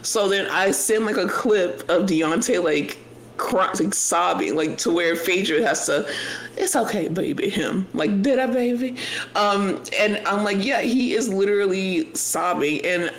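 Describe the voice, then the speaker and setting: A man co-hosting a podcast, telling stories in an animated, chatty way with quick asides. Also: high-pitched, rough recording. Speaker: podcast co-host. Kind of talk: casual chat.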